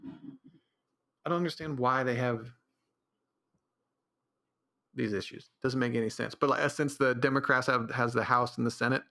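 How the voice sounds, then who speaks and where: A man hosts his own podcast, offhandedly ranting through his views and frequently restarting, in a casual solo monologue. His medium-pitched voice is gravelly, bright and forceful, delivered at a measured pace with long pauses.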